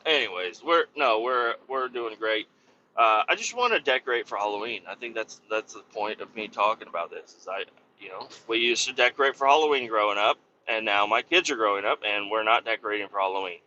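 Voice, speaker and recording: A man's voice: on the low side, animated, brisk, sharp tone, muffled recording, a little hiss or hum. A man rambling casually about family life, swearing freely and joking at his own expense, full of fillers. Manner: profane, rambling, self-mocking with many fillers. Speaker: podcast host and family man.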